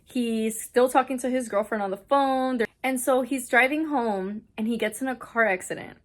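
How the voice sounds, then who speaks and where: A woman's voice: fairly high pitch, normal speed. Chatty young woman book vlogger. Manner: chatty, excitable retelling full of "like". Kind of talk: casual reading vlog chat. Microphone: camera on a stand, not handheld.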